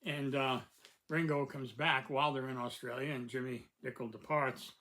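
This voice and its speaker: A man's voice: mid-range voice, steady tone, moderate pace, vocal fry, bright, forceful tone, poor audio. An older man from the United States, hosting a casual review talk and rambling with many fillers and restarts. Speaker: host.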